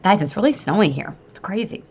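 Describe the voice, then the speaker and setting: A woman in her thirties hosting a casual podcast as a weight-loss coach, chatty and animated, swearing freely and laughing often. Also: medium pitch, a little fast, slightly rough.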